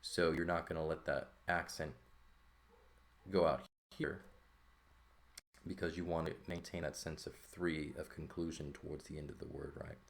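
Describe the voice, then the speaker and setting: Male teacher, extremely deep voice, patient explainer who checks in with the class. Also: fairly even intonation, moderate pace, gravelly, long pauses. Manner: explanatory, checks in with "right?" often. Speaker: Greek teacher. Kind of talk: explaining at a board.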